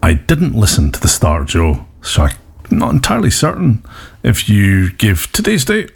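A man's voice: fairly low pitch, huge pitch swings, normal speed, gravelly, breathy edge. A man hosting a rock radio show, rambling through jokey banter between songs.

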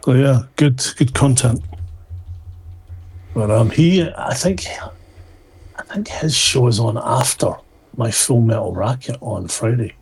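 A man's voice: mid-range voice, measured pace, long pauses, darkish tone, husky. A man co-hosting an internet radio show, bantering casually and joking around. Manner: laid-back, jokey, laughs often.

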